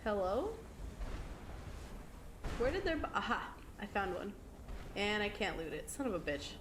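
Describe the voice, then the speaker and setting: A woman's voice: mid-range voice, big pitch swings, unhurried, background noise. A young woman livestreaming a game, chatting with viewers in a casual, giggly way and swearing freely. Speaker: live streamer. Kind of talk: casual gaming stream chat with viewers.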